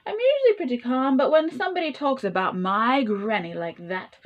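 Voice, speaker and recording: A woman voicing a male wolf who insists he is calm but is earnest and indignant. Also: high voice, fairly quick, dull audio.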